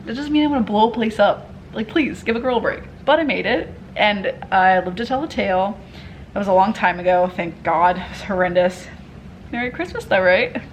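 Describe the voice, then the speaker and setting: A young woman telling a story in a casual vlog, candid and animated, swearing freely and acting out what people said. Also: mid-range voice, brisk, a little hiss or hum, rough recording. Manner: candid, animated retelling with profanity and quoted dialogue. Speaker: vlogger.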